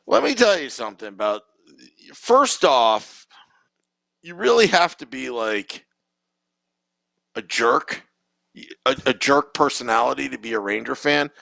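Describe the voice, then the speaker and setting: A man's voice: mid-range voice, expressive, unhurried, gravelly, long pauses, sharp tone, dry recording, rough recording. A man co-hosting a podcast, talking in a rambling, opinionated way with many restarts. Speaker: podcast co-host. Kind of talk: casual sports chat.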